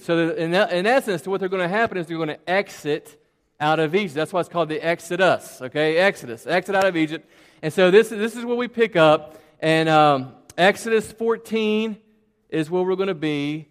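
A man giving a children's sermon in a church, telling personal stories in a chatty, animated way with lots of repeated words. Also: on the high side, moderate pace, clean tone, in a large hall. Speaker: preacher.

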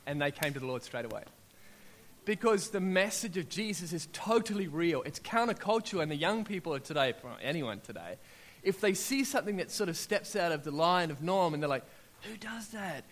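Preaching with a brisk delivery and a pitch on the high side, this middle-aged Australian man recounts personal testimonies. He voices what others said and climbs to loud, excited high points.

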